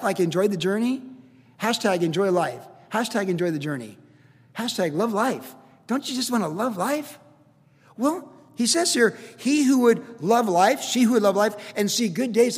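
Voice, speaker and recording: A man preaching a conversational sermon as pastor, energetic and repetitive, talking straight to his congregation. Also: high voice, a little slow, slightly rough. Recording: long hall reverb.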